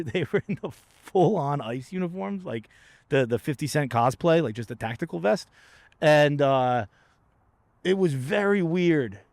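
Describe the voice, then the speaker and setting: A man riffing through a casual comic monologue, profane and rambling, laughing between his own lines. His voice sits at an ordinary middle pitch. The sound is dry and close, with no room around it. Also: dry recording. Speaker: podcast host. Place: outdoors by a lighthouse.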